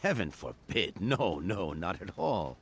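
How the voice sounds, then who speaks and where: A man's voice: low-pitched, sing-song, a little slow, a bit bright, exaggerated voice. An actor voicing a polite but evasive male hotel clerk in an adventure game, who likes to gossip. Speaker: hotel receptionist.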